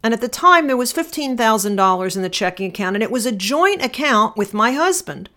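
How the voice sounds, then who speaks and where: A middle-aged woman attorney telling a personal story and reflecting on it in a measured, deliberate way. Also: on the high side, big pitch swings, sharp tone. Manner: measured, deliberate, slowing for emphasis.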